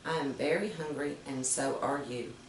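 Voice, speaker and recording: A woman's voice: deep voice, normal speed, a little hiss or hum. A woman voicing an old male rooster in a storybook reading, speaking in a plain, matter-of-fact way. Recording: roomy, distant mic.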